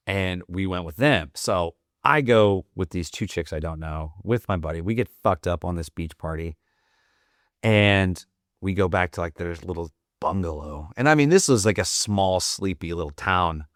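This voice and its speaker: A young man spins a rambling, profane story with frequent laughter, in a low voice. He speaks slowly and unhurriedly. The sound is dry and close, with no room around it. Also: animated, no room sound. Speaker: podcast guest, Marine veteran. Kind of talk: casual storytelling.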